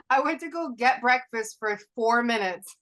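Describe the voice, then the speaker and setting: A woman's voice: a little high, expressive, slow, a bit bright. A woman in a casual group video call, incredulous and laughing, swearing freely. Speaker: seminar participant.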